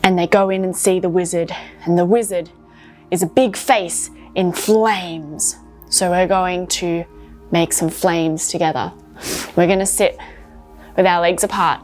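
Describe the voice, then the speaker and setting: A woman's voice: fairly low pitch, fairly even intonation, a little slow, soft background music. A woman coaching children through yoga poses while telling a story, encouraging and instructive.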